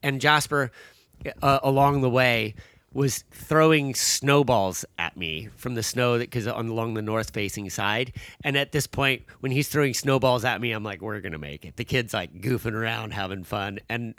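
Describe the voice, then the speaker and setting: A man's voice: mid-range voice, normal speed, fairly bright tone, no echo, clean studio sound. A man casually telling a long story about a hike, with many fillers and restarts. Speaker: guest, father telling a hiking story.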